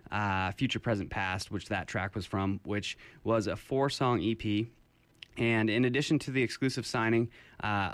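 A man with a raspy voice co-hosting a radio music show, chatting casually about a band. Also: on the low side, dry recording. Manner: relaxed, rambling delivery with fillers. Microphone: studio headphones and mic.

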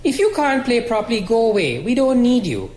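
A man's voice: sits high, sing-song, a little fast, reverberant, pitched above the performer's own voice. A man reading aloud and voicing a loyal, fearless older sister who speaks firmly and scolds. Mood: scolding. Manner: firm, scolding.

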